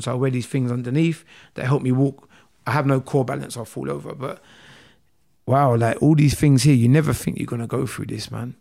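A man's voice: medium pitch, creaky, a little mellow. A man in his thirties from England, telling his story candidly as an interview guest in a rambling, emotional way that repeats phrases. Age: 30s.

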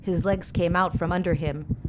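A woman reads a dark tale aloud in a measured, even audiobook narration. Her voice sits a little low. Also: background noise.

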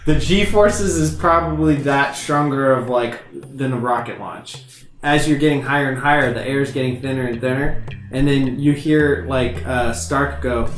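A man's voice: medium pitch, moderate pace, faint music behind. Upbeat man with an echoey sound. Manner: upbeat, loose, filler-heavy. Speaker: podcast co-host and game narrator. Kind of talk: casual podcast chat and game narration.

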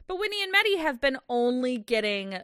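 Chatty woman with a bright voice. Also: high voice, very animated, clear, resonant tone, dry recording, studio quality. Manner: rambling, lots of "like", quick laughs. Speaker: podcast co-host. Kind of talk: casual recap chat.

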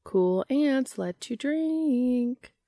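A woman's voice: on the low side, moderate pace, dry recording, close to an everyday voice. A woman reading an audiobook, voicing a sarcastic teenage girl with a dry manner. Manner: dry, sarcastic, sing-song at times.

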